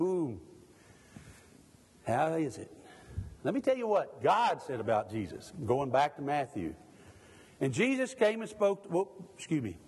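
Fervent preacher, husky voice. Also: male voice, a little high, darkish tone, long reverb tail. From Mississippi, USA. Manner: fervent, asks the congregation pointed questions, jokes at himself. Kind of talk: sermon.

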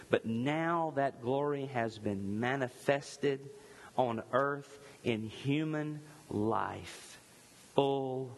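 A man in his thirties preaching a sermon as pastor, passionate, rising high on repeated lines and dropping soft and hushed. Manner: impassioned, climbing in pitch at lists, then softening to near whisper. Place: church sanctuary. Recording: long reverb in a large hall.

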